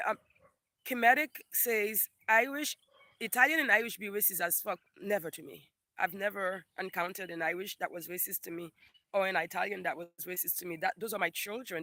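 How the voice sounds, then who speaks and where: A man's voice: high voice, creaky, bright, forceful tone, dry recording, studio quality. A man from Haiti hosting a casual livestream, reading viewer comments aloud and ranting in a profane, emphatic way that repeats phrases for emphasis.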